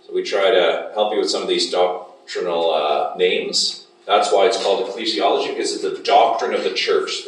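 A man's voice: lowish voice, slight background noise. A man teaching a Bible class as a lecture, often putting questions to the class. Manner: asks the class frequent questions. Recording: echoey room from a distance.

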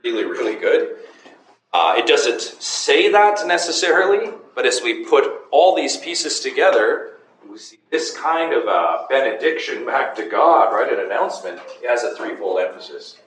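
A man's voice: mid-range voice, sing-song, normal speed, fairly bright tone. A man teaching a Bible class, emphatic, putting questions to the students. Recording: echoey room, far from mic, faint noise.

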